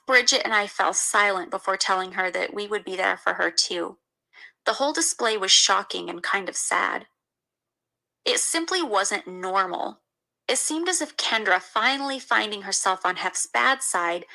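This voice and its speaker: A woman's voice: medium pitch, gravelly, bright, forceful tone, low-quality recording. A woman reading a first-person memoir aloud in an indignant storytelling manner. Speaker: memoir reader.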